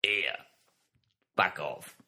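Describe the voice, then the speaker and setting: A man's voice: low voice, extremely slow, bright, forceful tone, full character voice. A man doing an improvised impression of God as a cheeky, offhand Cockney geezer with a Cockney accent. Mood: brusque. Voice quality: gruff, offhand, wheeler-dealer banter.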